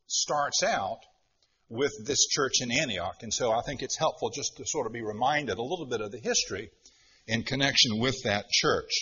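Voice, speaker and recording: A man's voice: on the high side, pushed and bright, breathy edge. Emphatic man giving a Bible teaching. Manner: deliberate, emphatic, repeats key points. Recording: dull lo-fi recording.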